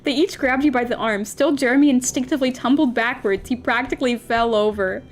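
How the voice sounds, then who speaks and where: A woman's voice: on the high side, brisk. A young woman playing a story game, reading it aloud with giggly, playful commentary as the host. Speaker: gamer streamer.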